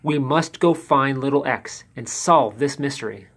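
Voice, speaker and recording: A man's voice: medium pitch, a little slow, fairly bright tone. A man voicing little D, a small, determined storybook letter. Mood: eager.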